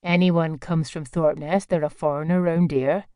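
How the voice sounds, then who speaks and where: A woman's voice: low voice, steady tone, normal speed, dark tone, clean tone, dry recording, natural voice. A woman voicing a dry, caustic village postmistress in an audiobook. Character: dry sharp middle-aged village postmistress.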